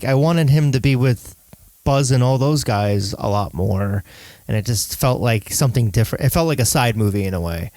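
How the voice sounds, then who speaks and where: A man's voice: mid-range voice, a little mellow, no room sound, rough recording. Laughing easygoing male podcast host. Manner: laughs often, loose and easygoing. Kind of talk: casual podcast chat.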